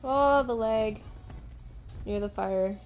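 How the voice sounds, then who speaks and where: A woman streaming a dinosaur survival game, chatting excitedly and talking to her viewers. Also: on the high side, slow, faint music behind. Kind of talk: casual gameplay chat.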